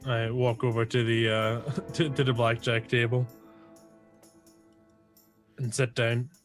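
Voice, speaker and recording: A man's voice: medium pitch, little pitch movement, takes it slowly. Guy player, mid voice, stammers and hesitates a lot, faint music. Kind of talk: in-character role-play.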